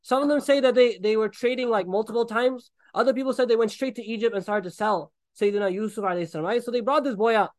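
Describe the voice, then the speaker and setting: A man preaching a sermon, retelling a story with animated acted-out voices and frequent laughs. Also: high voice, fast talker, hardly any pauses, no echo.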